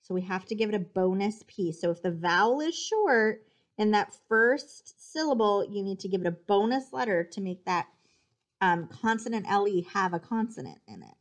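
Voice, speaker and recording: A woman's voice: medium pitch, expressive, moderate pace. A woman teacher giving a spelling dictation lesson, patiently sounding out syllables and explaining the rules.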